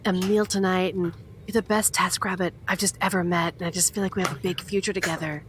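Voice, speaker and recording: A woman's voice: lowish voice, steady tone, quick pace, slight background noise. A woman playing an apologetic, gushing mother in an improvised comedy scene. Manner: apologetic, gushing, over-the-top.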